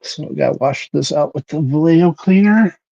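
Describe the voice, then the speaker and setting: A man's voice: a little high, brisk, creaky, warm tone, dull audio. A man hosting a livestream, chatting casually while airbrushing a model and greeting viewers by name. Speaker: livestream host.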